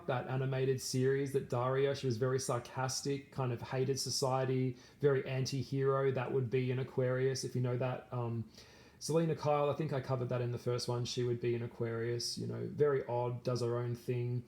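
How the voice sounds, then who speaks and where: A man's voice: medium pitch, little pitch movement, a little fast, a little mellow. A man vlogging to camera in casual talk, rambling with many fillers and restarts.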